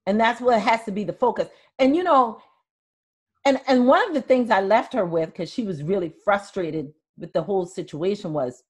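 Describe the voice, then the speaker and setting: An older woman hosting a podcast, chatting casually and telling stories with soft laughs. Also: medium pitch, normal speed, breathy edge. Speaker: podcast host. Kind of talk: casual interview chat.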